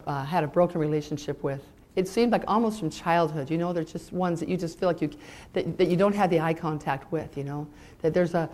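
A middle-aged woman from California, preaching a personal testimony from the heart. Her voice sits a little low for a woman. She swings from bright, lifted emphasis to a hushed, intense murmur as she tells her story. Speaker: mother giving a Christian testimony. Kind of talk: sermon-style personal testimony.

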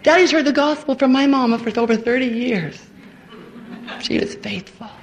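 Woman, middle-aged, retreat speaker, emotional sermon, fervent, repeats words, hushed near-whispers. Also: high voice, moderate pace, low-quality recording.

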